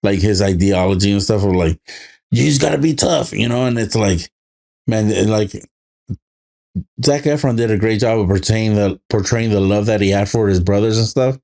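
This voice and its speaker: A man co-hosting a casual podcast, laid-back and swearing freely, slipping into animated quoted voices as he tells stories. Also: lowish voice, normal speed. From immigrated to the United States as a child. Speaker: podcast co-host. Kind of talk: casual chat.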